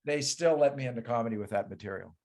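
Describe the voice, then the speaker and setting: Comedian guest, middle-aged man: quick, mid-pitched, dry deadpan delivery that trails off. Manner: dry joke-telling, trailing off quieter. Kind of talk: casual chat.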